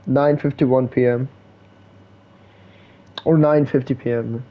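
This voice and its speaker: A man's voice: mid-range voice, steady tone, slow pace. A young man from India chatting casually while streaming a game, slangy, joking and profane, full of "like" and "bro". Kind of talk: casual gaming stream chat. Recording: dull lo-fi stream audio.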